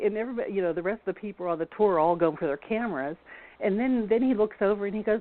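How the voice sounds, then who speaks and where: A woman's voice: medium pitch, quick pace. A woman local historian telling a story in a rambling, casual way, full of restarts. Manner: rambling, many restarts and fillers. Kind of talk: casual storytelling on a phone-in show. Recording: tinny phone line.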